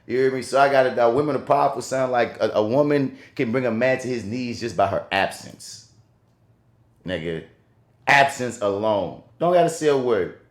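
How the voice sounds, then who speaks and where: A man's voice: mid-range voice, animated, moderate pace. A man co-hosts a podcast in loose, casual chat, telling stories with heavy slang and constant swearing. His voice sits in a middle register. It rings in an echoey, roomy space. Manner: profane, emphatic slang-heavy storytelling. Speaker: podcast co-host. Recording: roomy echo.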